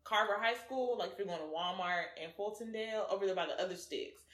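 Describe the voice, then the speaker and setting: A woman co-hosting a podcast in casual chat, animated and laughing often. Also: mid-range voice, fast talker, echoey room. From Nigeria. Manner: animated, laughing, breaks into song. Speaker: podcast co-host.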